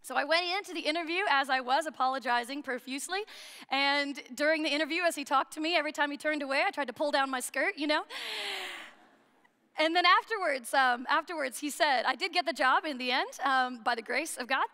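A woman's voice: high-pitched, brisk, pushed and bright. An American woman priest giving a sermon, chatty and humorous, asking the listeners questions. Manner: conversational and humorous, with rhetorical questions. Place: church hall. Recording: long reverb of a church hall.

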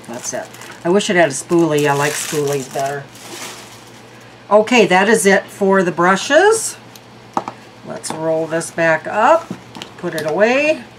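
A woman's voice: lowish voice, animated, measured pace, long pauses, a little hiss or hum, poor audio. A woman reviewing beauty products in a casual vlog, chatty and thinking aloud. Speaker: beauty vlogger.

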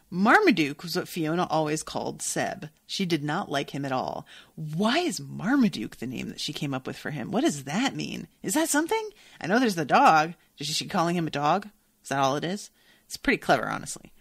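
A woman podcast host reading a novel aloud, breaking off into animated, profane reactions. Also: deep voice, a little fast, creaky, breathy edge, no echo, clean studio sound.

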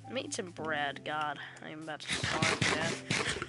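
A woman's voice: low voice, a little slow, over loud music. A woman casually chatting while playing a game online, playfully trash-talking creatures in slangy speech. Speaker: gaming channel host. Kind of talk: casual let's-play chatter.

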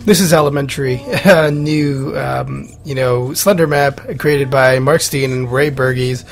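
A man's voice: mid-range voice, steady tone, unhurried, vocal fry. Young man, sick voice, jumpy horror game commentary, faint hiss. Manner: jumpy, nervous, swearing and yelping at scares. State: sick, rough-sounding voice. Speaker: gaming YouTuber.

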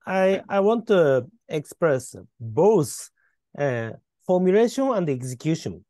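A man's voice: a little high, very animated, unhurried, dark tone, dry recording. A man whose first language is Japanese, an adult student in an English lesson, speaking hesitantly and searching for words. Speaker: adult English student, business school head. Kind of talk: casual English lesson practice.

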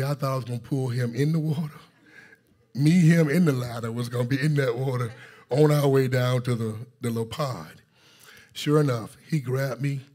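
A husky-voiced male pastor preaches in a church sanctuary. He tells a story and calls out to his congregation, then rises to excited intensity. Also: medium pitch. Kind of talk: sermon.

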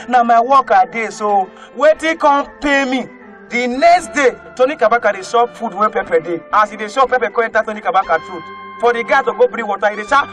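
Nigerian pidgin comic guy, real high voice, telling stories over faint music. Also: fast. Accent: Nigerian Pidgin English. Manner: animated, does squealing put-on voices and shouts. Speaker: comedian. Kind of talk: stand-up comedy storytelling.

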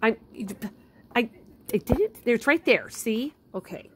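Slow-talking woman chatting to her pets. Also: a little high, lively intonation, noisy background. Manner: playful, teasing, talks to animals like children. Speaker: pet owner filming her pets. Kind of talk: casual chat with pets. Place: at home.

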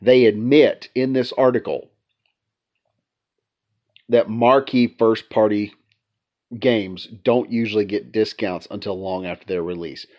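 A man's voice: lowish voice, steady tone, a little slow, long pauses. A man with a stuffy nose from allergies, hosting sarcastic casual commentary on video games and repeating his points for emphasis. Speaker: commentary channel host. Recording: dull lo-fi sound.

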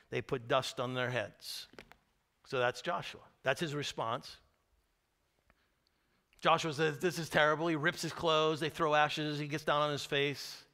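Man, pastor, sermon, animated storytelling, fairly high voice, resonant. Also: smooth. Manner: animated storytelling, acting out screams and cries; drops to hushed tones at solemn points.

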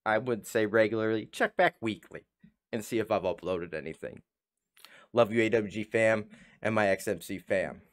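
An American man hosting a reaction video, loud, excited and swearing, repeating his exclamations. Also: on the low side, moderate pace. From United States. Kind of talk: casual reaction commentary. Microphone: desk USB microphone.

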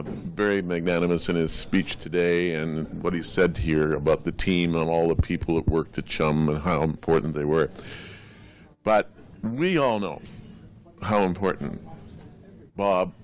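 A man in his sixties with a big deep voice, a radio DJ telling a rambling, hesitant story at a restaurant gathering. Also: a little slow, a little hiss or hum. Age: 60s. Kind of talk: after-dinner tribute speech.

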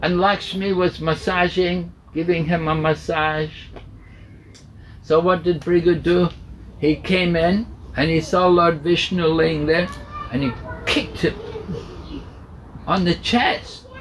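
A man's voice: on the high side, steady tone, slow pace, pauses often, slight background noise, poor audio. A man, a swami, telling a sacred story at a home gathering in a patient, repetitive way. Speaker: swami, spiritual teacher. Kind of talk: storytelling sermon.

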